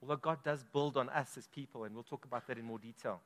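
A man's voice: mid-range voice, steady tone, fast talker. Male pastor, dynamic sermon delivery, big hall reverb. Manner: emphatic, dynamic preaching with strong swells in volume. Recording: long reverb of a large hall.

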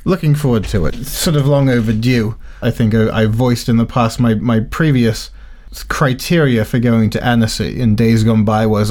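A man's voice: medium pitch, normal speed, darkish tone. A man co-hosting a casual comedic podcast chat, talking in a dry, sarcastic, playfully grumpy way. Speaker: podcast co-host.

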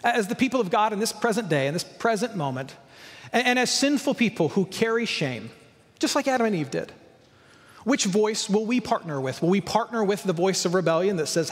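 A man's voice: sits high, very animated, brisk, long reverb tail. A male pastor preaching a sermon, emphatic, with repeated lists and rhetorical questions.

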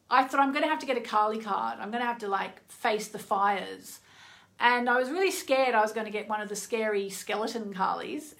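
A woman with a somewhat high voice hosts a casual live-stream card reading. She talks at an unhurried, leisurely pace. She is chatty and effusive, drops to soft near-whispers, then bursts into excited exclamations. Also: vocal fry. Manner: chatty, effusive, reacts emotionally aloud. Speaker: oracle card reader and host.

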